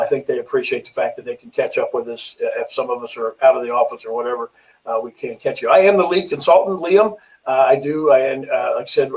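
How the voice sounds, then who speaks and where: A middle-aged man talks his way through a webinar on finances in a relaxed, folksy manner, stumbling over ums and restarting sentences. He sits a little back from a camera mic, so his voice sounds slightly distant. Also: mid-range voice. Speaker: financial consultant. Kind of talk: webinar sales presentation.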